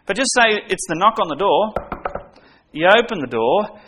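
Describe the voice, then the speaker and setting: Earnest preacher, bright voice. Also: male voice, high-pitched, very animated, moderate pace, slight background noise. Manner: earnest, uses everyday stories and direct questions. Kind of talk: sermon.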